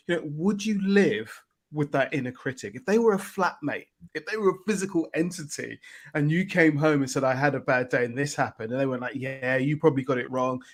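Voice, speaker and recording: A man chatting on a podcast, telling stories and acting out what other people say. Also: on the high side. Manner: warm storyteller, acts out quotes, laughs along. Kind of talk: casual podcast conversation.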